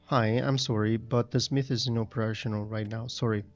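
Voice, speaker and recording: A man's voice: fairly low pitch, steady tone, fairly quick, lo-fi sound, faint music behind, lightly acted. A man reading the part of a timid, self-loathing townsperson in a fantasy game, meek and self-deprecating. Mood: miserable.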